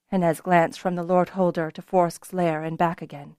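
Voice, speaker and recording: A woman's voice: steady tone, normal speed, hardly any pauses, warm tone, dry recording, clean studio sound. A woman narrating a fantasy audiobook as scripted narration, giving the characters' lines with more lift and volume. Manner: voices characters with rises in pitch and volume.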